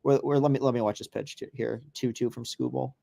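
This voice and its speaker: A man's voice: medium pitch, steady tone, a little fast, creaky, warm tone. A man hosting a casual podcast, chatting loosely over a live baseball game with profane, rambling asides. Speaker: podcast host.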